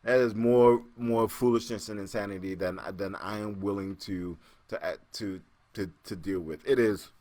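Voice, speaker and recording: A man hosting a casual solo podcast, joking and laughing as he reacts to listener comments, jumping between loud excited bursts and low muttering. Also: moderate pace, no echo. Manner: animated, joking, laughs often, repeats himself. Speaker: podcast host.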